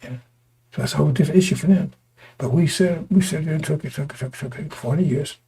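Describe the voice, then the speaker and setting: A man preaching a sermon to his congregation, his voice going hoarse, talking in repetitive, stop-start bursts and often asking listeners whether they understand. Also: on the high side, quick pace, warm tone. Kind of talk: street-style sermon to a congregation.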